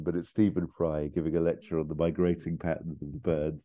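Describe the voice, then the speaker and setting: A man casually pitching a comedy plot, rambling and chuckling with quick put-on voices. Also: little pitch movement. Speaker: podcast host pitching a film plot. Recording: tinny phone-like line.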